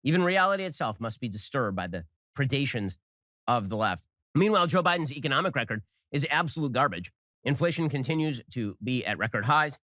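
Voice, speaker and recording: A man giving a rapid, sarcastic political monologue in a played clip. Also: medium pitch, lively intonation, bright, forceful tone, no echo, studio quality. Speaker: conservative commentator, played clip.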